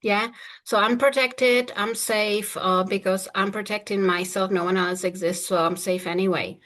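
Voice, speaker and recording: A woman's voice: medium pitch, measured pace, fairly bright tone. Confident woman coach, playful and assured. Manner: confident, playful, laughs often. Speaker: manifestation coach. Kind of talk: casual coaching chat.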